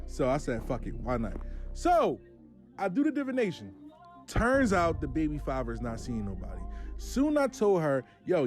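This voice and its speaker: A man hosting his own show, telling a long personal story and acting out both sides of the phone calls. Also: on the high side. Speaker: host. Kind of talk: storytelling monologue.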